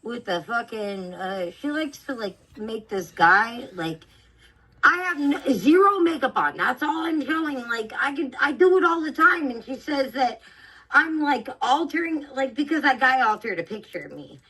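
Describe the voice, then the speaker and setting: A woman's voice: high-pitched, animated, moderate pace, fairly bright tone, slightly rough, low-quality recording. A woman arguing defensively in a heated stream argument, sounding indignant.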